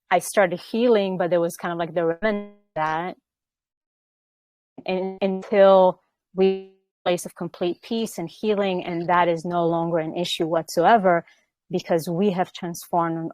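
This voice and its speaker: A woman with a lowish voice talks through her ideas in an earnest, explaining way, often checking in with her listener. The sound is dry and close, with no room around it. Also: a little mellow, no room sound. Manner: earnest, explaining with frequent "right?" and restarts. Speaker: podcast host. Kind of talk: casual spiritual conversation.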